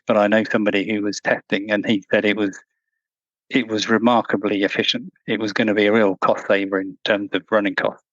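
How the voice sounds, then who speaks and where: A man answering interview questions in a measured, thoughtful way, with frequent restarts. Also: on the low side, a bit bright, dry recording, dull audio. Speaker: guest, former truck company employee.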